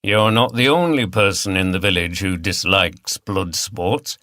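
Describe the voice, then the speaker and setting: A man's voice: deep voice, unhurried, sharp tone, no echo. A man reading the part of a male chief inspector who is courteous, firm and direct. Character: polite, persistent male police chief inspector.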